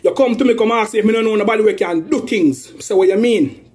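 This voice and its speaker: A Jamaican man with a high-pitched voice delivers a heated rant in thick patois. He sounds aggrieved and accusing, circling back over the same points again and again. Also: quick pace, darkish tone, slight background noise. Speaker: man airing a family dispute.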